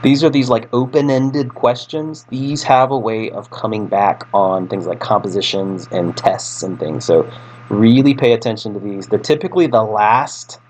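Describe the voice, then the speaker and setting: A man's voice: on the low side, moderate pace, a little mellow, slight background noise. A man teaching a recorded Spanish lesson, talking casually through his slides with fillers and restarts. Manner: casual, chatty, with fillers and self-corrections.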